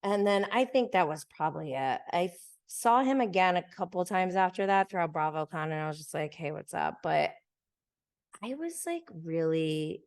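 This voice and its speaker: A woman hosting a podcast, casually telling a story in a chatty way, with many "like"s and light laughs. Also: low voice. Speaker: podcast host.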